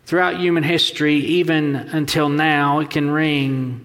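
A man preaching a sermon as pastor, earnest and measured. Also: fairly high pitch, level tone, fairly bright tone, in a large hall.

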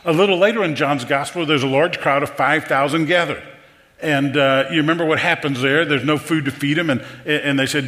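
A man's voice: fairly high pitch, fairly even intonation, fairly quick, fairly bright tone. A man preaching a conversational sermon, repeating words and asking the audience questions. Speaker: pastor. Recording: long hall reverb.

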